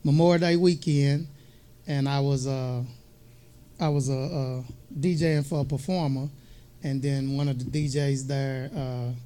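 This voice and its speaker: A man guesting on a radio show as a DJ, talking casually in a halting way with many restarts. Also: mid-range voice, steady tone, dark tone. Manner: halting, many fillers and restarts, laughs easily.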